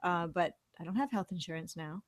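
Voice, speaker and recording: A woman's voice: lowish voice, brisk, dry recording. A woman hosting a casual chat show, talking freely and reading viewer comments aloud. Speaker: host.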